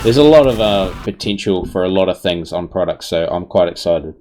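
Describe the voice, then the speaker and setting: Deep-voiced easygoing male caster. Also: lively intonation, brisk, darkish tone, slight background noise. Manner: easygoing, self-correcting. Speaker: esports caster. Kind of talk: live esports commentary.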